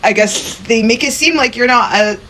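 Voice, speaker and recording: A woman hosting a podcast, reacting with quick, sympathetic comments and sharing her own story in conversation. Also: on the high side, pushed and bright, slight background noise, poor audio. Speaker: podcast host. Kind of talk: conversational interview.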